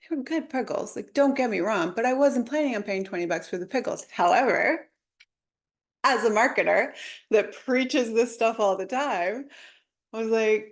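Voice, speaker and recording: A young adult woman, a marketing coach, telling a story in a casual, animated way with lots of "like" fillers. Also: on the high side, moderate pace. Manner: chatty, animated, many "like" fillers. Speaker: podcast host, marketing coach.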